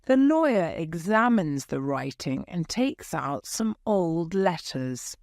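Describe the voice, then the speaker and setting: Woman, slow, clear audiobook narration, lively pitch, dry close recording. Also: dry recording. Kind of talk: graded reader audiobook narration.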